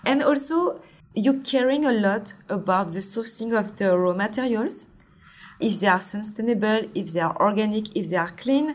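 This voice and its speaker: A woman's voice: mid-range voice, lively intonation, moderate pace. A woman in her forties with a French accent, a brand founder explaining her products in an interview in an earnest, step-by-step way. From Martinique. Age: 40s.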